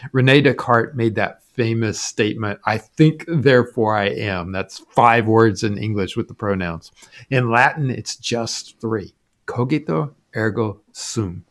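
A man's voice: fairly low pitch, a little slow. A man co-hosting a Bible study podcast, reading a scripted explanation with emphatic turns at key points. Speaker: podcast co-host.

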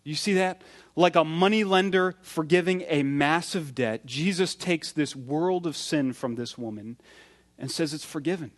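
Male pastor, somewhat high voice, animated sermon storytelling with acted-out quotes. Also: unhurried.

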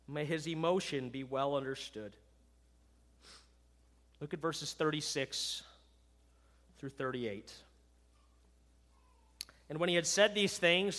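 A pastor with a higher-pitched voice preaches a farewell sermon in a church sanctuary, swinging from loud declarations to hushed words and often checking in with "right?". His emphatic delivery carries the long reverb of a large hall.

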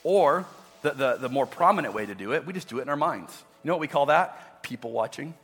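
A man's voice: medium pitch, expressive, brisk, fairly bright tone, breathy edge. A man preaching a sermon as a pastor, talking conversationally with frequent restarts. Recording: long reverb with faint music.

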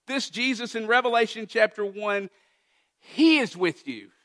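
A man's voice: high-pitched, lively intonation, unhurried. Earnest male pastor preaching. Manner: earnest, builds to emphatic peaks then drops to soft, quiet tones. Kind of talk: sermon. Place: church.

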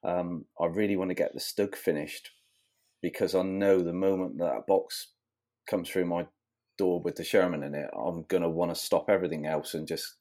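A man's voice: low-pitched, a little mellow. An English man chatting casually as a podcast guest, telling rambling stories. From England. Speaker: guest modeller.

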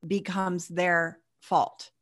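Upbeat woman podcast host with a lowish voice, dry recording. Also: flat delivery, drawn-out words, a bit bright, dry recording. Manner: upbeat, chatty, laughs often. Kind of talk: podcast interview.

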